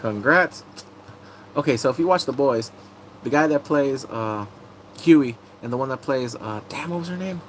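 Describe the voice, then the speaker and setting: A man's voice: mid-range voice, moderate pace, a little hiss or hum, low-quality recording. A man chatting casually on a live stream, muttering asides to himself as he reads entertainment and gaming news aloud.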